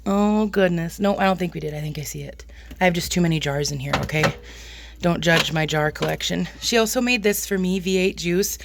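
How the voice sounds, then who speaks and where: A homestead vlogger chats casually in her home kitchen, talking while she works and making self-deprecating jokes. Her squeaky voice moves a little fast with vocal fry, against background noise.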